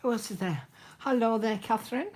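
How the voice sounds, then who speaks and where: An older woman hosting a casual craft live stream, chatty and greeting viewers by name, her voice dropping to soft murmurs as she works. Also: fairly high pitch, brisk.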